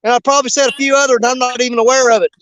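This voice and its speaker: A man hosting a fishing show outdoors, talking in an excited, breathless, rambling way. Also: extremely high pitch, racing. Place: outdoors by a river.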